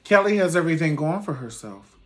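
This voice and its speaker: A man's voice: a little high, expressive, brisk. A man reviewing a reality show in a sassy, theatrical way, calling everyone honey. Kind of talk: casual commentary video.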